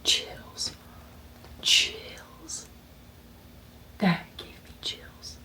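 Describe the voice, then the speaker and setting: A woman's voice: extremely slow, sharp tone, rough recording. A young woman vlogger whispering her gasping, gushing reactions to a book late at night before bed. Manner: gasping, gushing, says like a lot.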